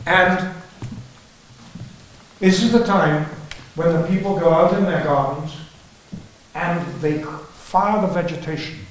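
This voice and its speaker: An older man delivers a conference lecture, his voice pitched a little high. He tells field stories with dry, wry humour. The sound is distant and very echoey, as if picked up from the back of a large hall. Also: slow pace, long pauses, a little hiss or hum. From England. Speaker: archaeology lecturer. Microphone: lectern or headset mic, battery trouble.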